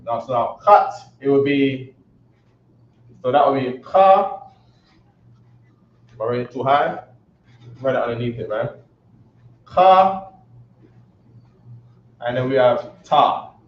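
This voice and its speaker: In a measured, medium-pitched voice that pauses often, a New York-accented man teaches a class. His talk is conversational and repetitive, with plenty of "right?" check-ins. It was recorded in an echoey room, and the sound is dull and lo-fi.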